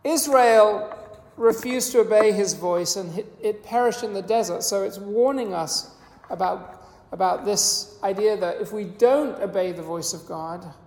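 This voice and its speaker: An unhurried preacher who explains scripture in a measured, earnest way and sometimes restarts a phrase. The voice rings through a roomy space, and a long reverb tail trails off each phrase. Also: mid-range voice, a little mellow. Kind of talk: sermon. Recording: echoey hall with long reverb.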